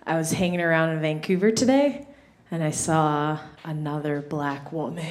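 A woman's voice: deep voice, moderate pace, heavy background noise. A young woman doing a stand-up comedy set on a club stage, chatty and self-mocking, filling her talk with "like". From Somalia (family). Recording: echoey room with loud audience laughter. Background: audience laughing.

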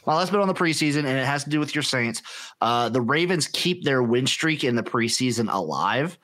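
A man's voice: medium pitch, animated, fairly bright tone. Hyped, swearing male sports podcaster. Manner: hyped, profane, quick opinions. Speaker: podcast co-host. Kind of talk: casual sports chat.

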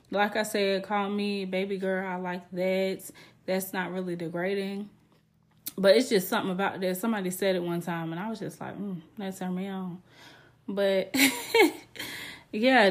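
A young woman hosting a podcast, talking frankly and casually, with frequent laughter and a loose, chatty delivery. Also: mid-range voice. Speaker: podcast host. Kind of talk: candid casual monologue.

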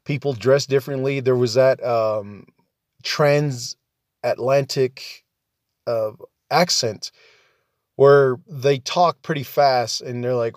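A man's voice: mid-range voice, slow pace, no room sound, studio quality. A man hosting a podcast, talking on his own in a loose, rambling way with many fillers and restarts. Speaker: podcast host. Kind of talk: casual solo podcast monologue.

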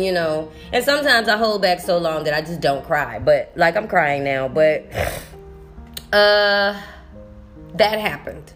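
A woman teacher talking through a personal vlog monologue, emotional and rambling, restarting her sentences often. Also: lowish voice. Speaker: sixth-grade teacher.

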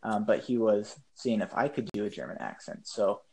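A man chatting as a guest on a podcast, hesitant and filling pauses with ums. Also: lowish voice, expressive, creaky, crowd noise. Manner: hesitant, lots of ums, laughs easily. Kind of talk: casual chat.

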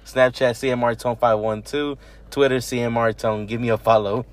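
A man's voice: medium pitch, steady tone, moderate pace. A young man co-hosting a casual podcast from a car, joking, swearing and laughing often. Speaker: podcast co-host.

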